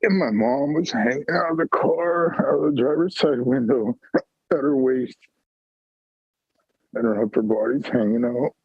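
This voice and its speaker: A man with a gravelly, husky voice tells a personal story on a call-in stream. His delivery is raw and halting, full of swearing. The sound is dry and tinny, like a phone line on a video call. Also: mid-range voice, dry recording. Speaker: call-in panelist.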